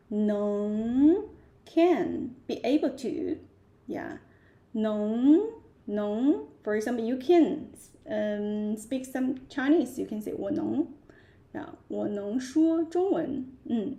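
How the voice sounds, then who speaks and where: A woman runs a live Chinese lesson at a very slow, patient pace. Her voice is mellow with a gravelly fry, and she repeats each word again and again. She lingers on each tone. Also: on the high side, highs cut off. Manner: slow, repeats each word many times, stresses tones. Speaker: Chinese teacher. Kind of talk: live-streamed language lesson. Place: live stream set-up at home.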